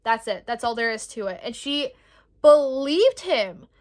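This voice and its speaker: Woman in her twenties, slightly high-pitched, casual rambling review, swears a lot, animated. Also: fairly quick. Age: 20s. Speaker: book vlogger.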